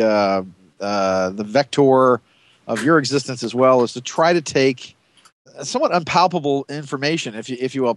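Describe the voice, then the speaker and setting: A man is a guest on a talk radio show, talking in halting bursts full of fillers and restarts. His voice is at a middle pitch. The sound is dry and close. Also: no room sound. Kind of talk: casual radio interview.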